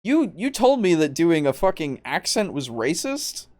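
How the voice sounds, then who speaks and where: An exasperated man rants on a podcast, swearing freely and laughing as he argues. His pitch swings widely and animatedly. The sound is dry and close. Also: sing-song, measured pace, a little mellow, dry recording. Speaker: podcast host. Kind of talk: ranting podcast discussion.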